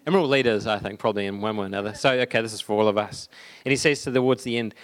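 A young man giving a conversational sermon, halting often with fillers and restarts. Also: lowish voice. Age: young adult. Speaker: preacher.

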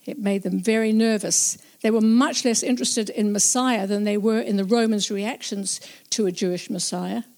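A woman's voice: mid-range voice, fairly even intonation, a little mellow. Earnest woman telling a Bible story. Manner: slow, reflective and earnest. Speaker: narrator. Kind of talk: first-person dramatized Bible storytelling.

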